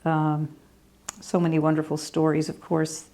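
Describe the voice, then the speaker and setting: Brief: older woman storyteller, low gravelly voice, rambling anecdotes. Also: monotone, measured pace, warm tone. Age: 60s or older. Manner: rambling and anecdotal with small laughs. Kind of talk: reminiscing oral history.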